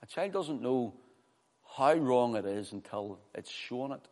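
A man preaching a sermon, animated, often repeating words as he restarts and acting out the voices of people he quotes. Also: mid-range voice, a little slow. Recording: reverberant hall.

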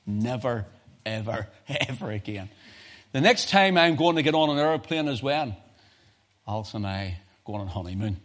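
Middle-aged Northern Irish man, pastor, lively and humorous sermon storyteller. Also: medium pitch, moderate pace. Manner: animated storytelling with humorous asides and chuckles.

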